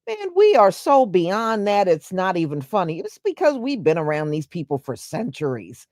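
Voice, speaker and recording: A woman's voice: lowish voice, big pitch swings, moderate pace, a little mellow, no echo, clean studio sound. A woman hosting a livestream, talking to her viewers in an emphatic way and repeating her points. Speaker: livestream host. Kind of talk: live commentary to viewers.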